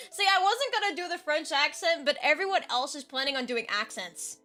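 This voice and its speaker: A woman's voice: high-pitched, animated, fairly quick, few pauses, pushed and bright, faint music behind. A woman streamer chatting casually and reading her detective character sheet aloud, with chatty asides.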